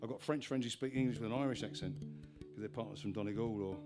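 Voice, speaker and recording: Man, folk performer, live stage banter, meandering and self-interrupting, clear guitar behind. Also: fairly low pitch, fast talker. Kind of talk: rambling stage patter between songs. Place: live music venue on stage. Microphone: stage vocal mic with monitor.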